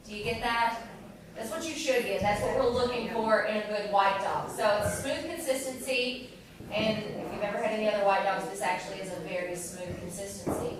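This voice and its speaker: A woman's voice: medium pitch, steady tone, a little fast. A woman tour guide leading a guided tasting, upbeat and instructive, quizzing her group as she explains. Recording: echoey room, distant mic, group chatter.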